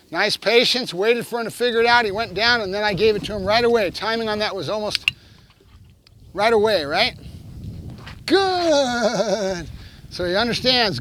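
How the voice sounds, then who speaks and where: A man's voice: sits high, a bit bright, a little hiss or hum. A man who trains dogs, explaining each step to the camera while working a puppy. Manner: coaching, talks to camera between cues to the dog. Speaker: dog trainer.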